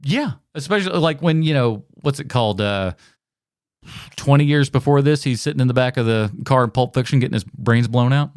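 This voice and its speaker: A man's voice: medium pitch, a little fast, clean tone, dry recording, studio quality. A man co-hosting a podcast, chatting casually in a rambling way, with lots of "like" and "you know". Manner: rambling, heavy use of filler "like". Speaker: podcast co-host. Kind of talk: casual chat.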